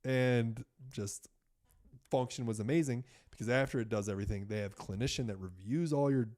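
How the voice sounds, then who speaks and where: A man's voice: medium pitch, fairly quick. A man in his thirties telling a story in casual podcast chat, swearing and acting out the people he quotes. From United States. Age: 30s. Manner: animated, swearing, acts out doctors in quoted voices. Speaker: podcast guest.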